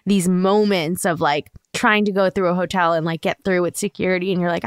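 A woman in her thirties co-hosting a podcast, telling stories in animated casual chat with lots of "like" fillers. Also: fairly low pitch, brisk, clean tone, dry recording, clean studio sound. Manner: animated storyteller, fills with "like". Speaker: podcast co-host.

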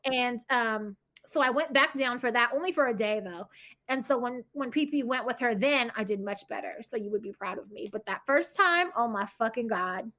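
A woman talks through a personal story on a casual podcast. Her voice sits high and sounds bright and clear. She speaks candidly and swears freely. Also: expressive, moderate pace. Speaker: podcast co-host. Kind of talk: casual chat.

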